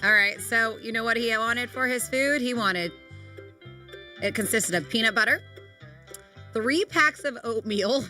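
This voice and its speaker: A woman's voice: fairly high pitch, unhurried, long pauses, pushed and bright, faint music behind. A married woman co-hosting a radio show, chatting casually and reading odd news stories with offhand asides and laughs. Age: adult, married. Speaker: radio co-host. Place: radio studio.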